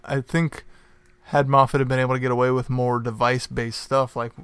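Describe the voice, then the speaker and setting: A man's voice: mid-range voice, level tone, a little fast, fairly bright tone, smooth, no room sound. A man co-hosting a podcast in casual chat, thoughtful and earnest, often restarting his sentences. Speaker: podcast co-host.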